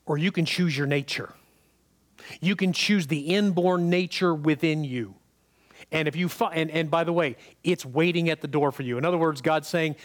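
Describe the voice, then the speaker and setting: High-voiced male preacher, conversational. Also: normal speed. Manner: conversational, checks in with the congregation; repeats and restarts words when emphatic. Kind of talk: sermon.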